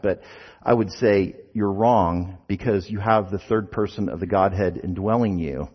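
A man's voice: lowish voice, normal speed, breathy edge. A man preaching a sermon, telling stories with rhetorical questions and light asides, in a dull recording with a long hall echo.

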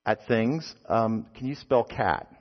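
A man's voice: lowish voice, slow. A man voicing a stern older male mission examiner firing brusque test questions, in a dull recording with a long hall echo.

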